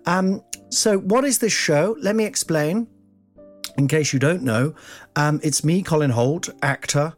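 A man's voice: a little high, a little slow, faint music behind. A man in his forties hosting a comic podcast, rambling and self-mocking, jumping between silly voices. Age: 40s. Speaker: podcast host, comedian.

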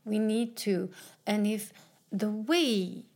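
A woman in her fifties speaks slowly and earnestly in a reflective personal talk. Her voice has a gravelly, fry-tinged texture, and she sometimes sinks into a soft whisper when a point matters most. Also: mid-range voice. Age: 50s. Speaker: speaker sharing personal growth advice.

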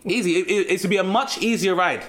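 London man, 30s, quick comic storyteller being interviewed. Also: high-pitched, slight background noise. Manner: animated storyteller, acts out strict relatives. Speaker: comedian guest. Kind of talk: casual podcast interview.

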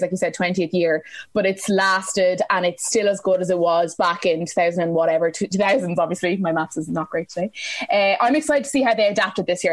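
A woman's voice: lowish voice, no room sound, clean studio sound. A woman, a journalist guest talking in an upbeat, self-deprecating way. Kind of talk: casual chat.

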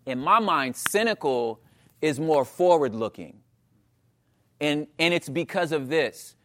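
Casual slang-heavy preacher, a man in his thirties, pitched high, talks like chatting with friends. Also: unhurried. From Los Angeles area. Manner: animated, slangy, asks the crowd "you know what I'm saying". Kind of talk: conversational sermon.

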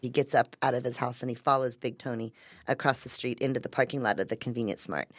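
A woman narrating a true-crime story in a measured, conversational way. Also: extremely low pitch, fairly even intonation, dry recording. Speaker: podcast narrator.

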